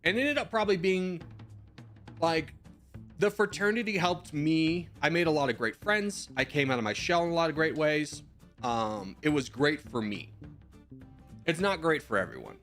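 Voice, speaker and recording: A man's voice: a little high, expressive, normal speed, fairly bright tone, soft background music. A man in his twenties, a streamer in casual chat, giving rambling advice with slang and the odd swear while answering viewer messages.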